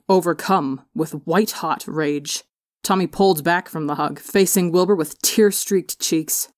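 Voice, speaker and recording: Low-voiced woman reading a story. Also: no echo, studio quality. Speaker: audiobook reader. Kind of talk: storybook narration.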